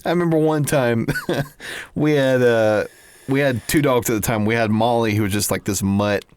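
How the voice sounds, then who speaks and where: A man's voice: medium pitch, moderate pace, a little mellow, clean tone, no echo. A man co-hosting a podcast, telling family stories in an easygoing way, often chuckling and adding quips. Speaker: podcast co-host. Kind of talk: casual storytelling chat.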